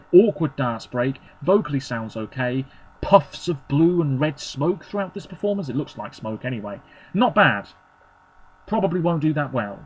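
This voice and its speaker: Husky-voiced man giving quick verdicts. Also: on the high side, rough recording. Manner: chatty, sarcastic, quick verdicts in short phrases. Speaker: Eurovision commentator. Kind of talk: opinionated solo commentary.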